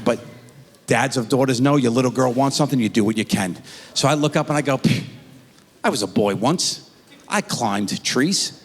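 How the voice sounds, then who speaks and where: A middle-aged man telling a stand-up comedy story on stage, acting out his kids in high squeaky voices. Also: slight background noise. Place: theater stage before a live audience. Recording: stage mic in a large reverberant hall.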